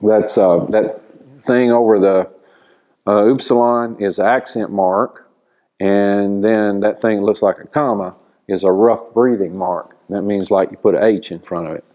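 A man teaching a church Bible class, explaining slowly and asking the class questions. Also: fairly low pitch, fairly even intonation, warm tone.

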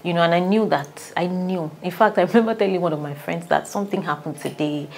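Lively Nigerian woman telling her story. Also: fairly low pitch, fast talker, a little hiss or hum. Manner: animated, laughs often, acts out quotes. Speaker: relationship coach. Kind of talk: personal storytelling.

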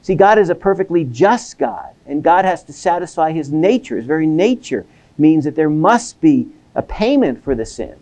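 A man with a somewhat high voice lectures at a seminary, lively and engaged. He slips into quoted voices and doubles back on his words as he thinks aloud. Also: moderate pace. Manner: animated, acts out quoted voices, repeats words. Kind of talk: academic lecture. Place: lecture hall.

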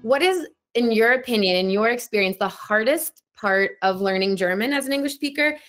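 A woman's voice: mid-range voice, a little fast, a bit bright, soft background music. A woman, a linguist, hosting an interview podcast, friendly and enthusiastic as she asks questions and laughs along with her guest.

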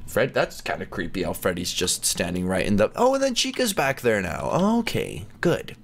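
A man hosting a gaming channel, chatting and reacting excitedly as he plays through a game. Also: fairly low pitch, moderate pace, vocal fry, few pauses. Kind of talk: let's play commentary.

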